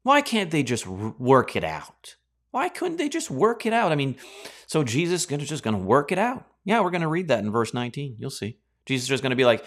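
A man preaching a Bible teaching sermon in a sarcastic, animated way, acting out reactions. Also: medium pitch, brisk.

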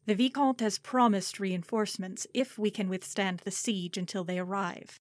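A woman's voice: medium pitch, steady tone, normal speed, no echo, natural voice. A woman voicing a dutiful middle-aged minor lord who speaks in a subdued, respectful way.

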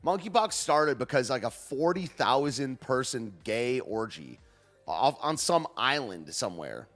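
A man's voice: medium pitch, sing-song, measured pace, a bit bright, faint music behind. A man hosting a show, rambling through news clips in loose, slangy casual commentary and laughing often. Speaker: show host.

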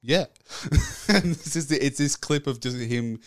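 A man's voice: medium pitch, unhurried, no room sound. A man co-hosting a podcast, laid-back and wry, telling anecdotes in a casual chat. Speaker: podcast co-host.

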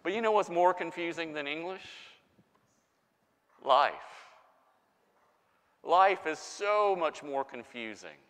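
A man preaching as a pastor, giving a sermon with animated, playful emphasis. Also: on the high side, takes it slowly, pauses often. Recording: long hall reverb.

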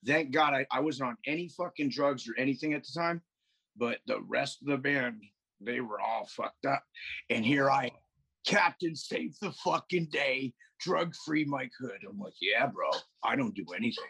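A man's voice: medium pitch, normal speed, vocal fry, sharp tone, slightly rough, poor audio. A man guest on a podcast, rambling through stories in a casual, profane way over a video call. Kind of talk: casual chat.

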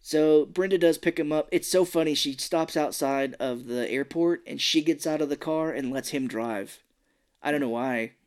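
A man's voice: a little high, normal speed, darkish tone, clear, resonant tone. Casual man recapping a movie. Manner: retells scenes, acting out characters' lines, swears casually. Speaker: podcast co-host.

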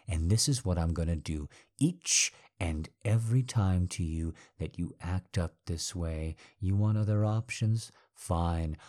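Deep slow domineering man. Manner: domineering, taunting, commanding; drops to low murmurs and whispers between loud outbursts. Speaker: audio role-play performer. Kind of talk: adult audio role-play.

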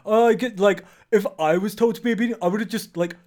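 A man's voice: sits high, quick pace, a little mellow, pitched above the performer's own voice, natural voice. A man putting on a smug young online bro in a mocking voice.

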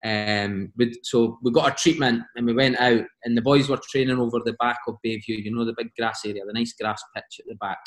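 Scottish man, lively anecdotes, laughs a lot, medium pitch, echoey space. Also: fairly quick, hardly any pauses. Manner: animated, laughing often, quotes teammates in voices. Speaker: podcast guest. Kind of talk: casual storytelling.

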